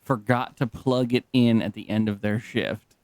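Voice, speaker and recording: A man co-hosting a podcast in casual banter, excitable, laughing often and swearing freely. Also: medium pitch, moderate pace, smooth, dry recording. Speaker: podcast co-host.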